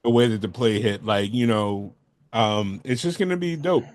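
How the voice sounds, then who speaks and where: A man guesting on a casual movie podcast, excitable and quick to laugh. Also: on the low side, dry recording, clean studio sound. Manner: excitable, laughs often, does loud voices in stories.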